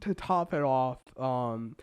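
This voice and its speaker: A young American man co-hosting a casual podcast, telling an animated story with lots of swearing and acted-out quotes. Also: mid-range voice, slow pace, clear, resonant tone. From United States. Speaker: podcast co-host. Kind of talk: casual chat.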